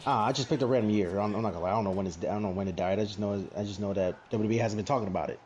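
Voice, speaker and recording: A man's voice: fairly low pitch, rapid-fire, darkish tone. A man co-hosting a casual wrestling podcast, ranting in an exasperated way. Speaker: podcast co-host.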